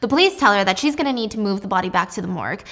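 A woman casually recapping a drama, expressive and animated, laughing often. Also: medium pitch, racing.

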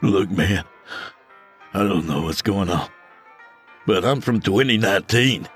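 A jittery modern young man, played by a man stammers and talks in casual slang. His voice jumps lively and higher than the narration, over faint music. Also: unhurried. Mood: bewildered. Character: panicked modern young man in the old west.

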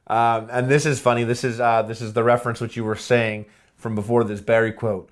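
Laughing male podcast host. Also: mid-range voice. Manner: reads game quotes aloud with quick impressions, laughs often. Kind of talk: casual chat.

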